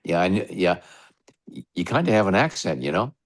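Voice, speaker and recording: American radio DJ guest, deep and gravelly, spins loose anecdotes. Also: male voice, sing-song, a little fast. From United States. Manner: chatty, rambling anecdotes. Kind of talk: casual storytelling interview.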